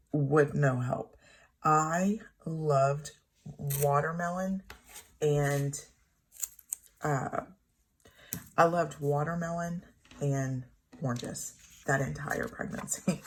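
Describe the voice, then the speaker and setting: A woman in her thirties with a low, gravelly voice tells a story at home, slowly and with plenty of halting restarts. She talks casually to the camera. A faint hiss sits in the background of the recording. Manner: rambling, halting, self-correcting. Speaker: planner vlogger. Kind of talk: casual storytelling while journaling. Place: home room.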